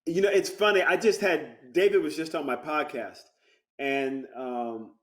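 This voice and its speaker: A man's voice: on the high side, unhurried. A man chatting as a guest actor over a video call, telling stories with lots of laughter. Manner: animated storyteller, laughs often. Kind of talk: casual interview chat.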